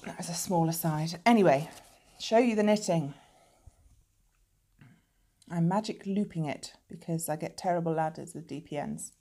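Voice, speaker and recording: A woman's voice: on the low side, normal speed, pauses often, warm tone. A woman hosting a knitting podcast, chatting casually and showing her knitting to the camera, with chatty digressions.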